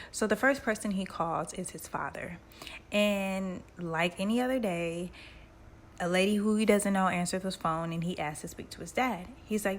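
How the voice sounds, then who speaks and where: A woman's voice: on the low side, normal speed, slight background noise. A woman casually retelling a book in slangy, conversational language. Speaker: book summary narrator.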